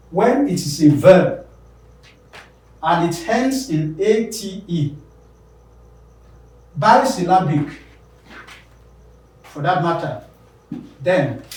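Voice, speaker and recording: A man teaching an English pronunciation lesson, repeating example words slowly and with emphasis. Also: a little high, darkish tone, slight background noise. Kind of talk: classroom lesson on word stress. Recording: very echoey room, voice from a distance.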